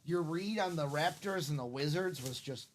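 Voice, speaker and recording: A man's voice: on the high side, moderate pace, noisy background. A man hosting a live card break stream, chatting casually and reeling off player names in a jokey, upbeat way.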